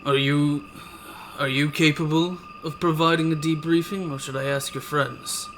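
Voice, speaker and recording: A man voicing a stern male town sheriff who speaks slowly and reproachfully in a tabletop role-playing game. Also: fairly high pitch, steady tone, a bit bright, a little hiss or hum. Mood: curt.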